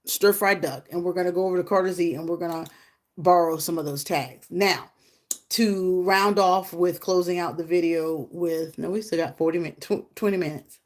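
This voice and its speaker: A woman hosting a casual livestream. She rambles and chats, greets viewers by name, and often jumps into high, loud exclamations. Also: fairly even intonation, normal speed. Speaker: livestream host.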